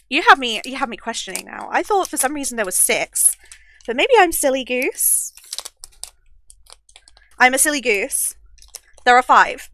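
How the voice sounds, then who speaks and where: Gushing female unboxing vlogger, high, lively voice, dry close sound. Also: moderate pace, no echo. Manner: gushing and excitable, with squeals and giggles. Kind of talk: casual merch unboxing chat.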